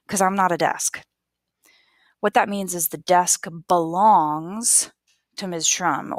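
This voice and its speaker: A woman teaching basic English grammar, explaining patiently and repeating each word slowly for learners. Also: on the low side, creaky, a bit bright, no echo, studio quality. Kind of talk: slow, careful classroom explanation.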